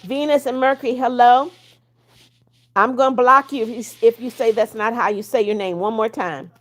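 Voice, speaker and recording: A woman hosts her own livestream, reading out viewer comments one by one and replying in a casual way. Her voice sits a little high, and she stays firm and blunt as she warns rule-breakers. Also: steady tone, normal speed. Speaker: livestream host.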